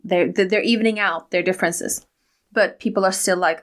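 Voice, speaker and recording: A woman's voice: fairly low pitch, steady tone. A woman co-hosting a casual podcast, offering theories and short chatty interjections. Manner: speculative, chatty, quick interjections. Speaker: podcast co-host.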